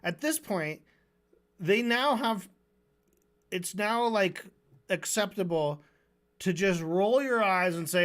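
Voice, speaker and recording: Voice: medium pitch, expressive, takes it slowly, pauses often, a bit bright. Sarcastic, rambling streamer. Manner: sarcastic, mocking, rambling with restarts. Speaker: streamer reviewing a debate. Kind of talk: casual sarcastic commentary.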